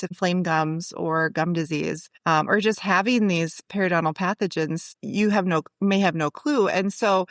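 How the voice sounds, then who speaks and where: A woman in her forties talks as a dentist in a loose, rambling way, restarting her sentences often. Her voice sits at an ordinary middle pitch, and the recording is close and dry. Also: dry recording. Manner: rambling, many restarts and fillers. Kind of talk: casual interview conversation.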